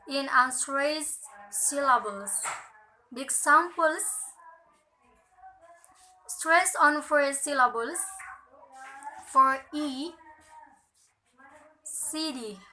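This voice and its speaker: Slow, careful young woman reading a lesson. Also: high-pitched, pushed and bright, slight background noise, rough recording. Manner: slow, careful reading with frequent "okay" and "and then". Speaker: student presenter.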